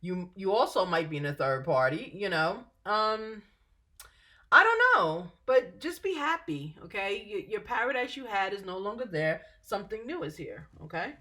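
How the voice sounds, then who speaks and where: A woman's voice: mid-range voice, big pitch swings, normal speed, sharp tone. A woman giving a casual tarot reading to camera, chatty and reassuring, often laughing and trailing off with fillers. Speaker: tarot reader.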